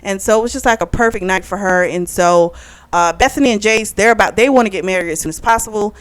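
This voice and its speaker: A woman recapping a novel's plot in a casual, animated way, full of "like" and "you know". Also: medium pitch, fast, clear, resonant tone. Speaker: book club reviewer.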